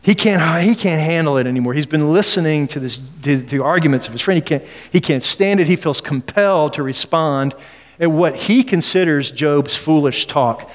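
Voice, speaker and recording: Emphatic preacher in a reverberant hall. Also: male voice, fairly high pitch, normal speed. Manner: emphatic, asks the listeners rhetorical questions. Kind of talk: expository sermon. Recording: long reverb of a large hall.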